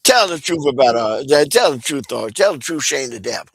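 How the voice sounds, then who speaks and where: A man rants with a rough, gravelly edge, laughing and cursing as he talks. His pitch leaps and drops all over the place, falling to low mutters and then jumping up into loud cries. The sound is dry and close. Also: big pitch swings, fairly quick, no room sound. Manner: laughing, profane, swings from mutters to shouts. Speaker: commentator. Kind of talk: casual rant on a call.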